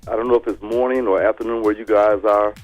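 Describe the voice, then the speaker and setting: A man from Detroit with a somewhat low voice talks as a guest on a phone-in radio interview. He is relaxed and tells stories with a joking edge. A faint music bed sits under the phone sound. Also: fast talker. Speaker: band leader guest.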